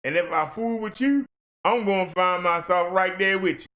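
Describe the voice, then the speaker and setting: A man's voice: high voice, moderate pace, bright, forceful tone. A man ranting on a livestream in a fervent, blunt, preachy way. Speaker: livestream commentator.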